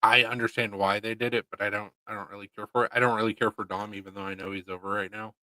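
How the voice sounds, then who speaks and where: A man's voice: lowish voice, little pitch movement, fast, bright, forceful tone, no echo, poor audio. A man hosting a casual livestream, chatting in a laid-back, rambling and jokey way. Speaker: livestream host. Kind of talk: casual chat.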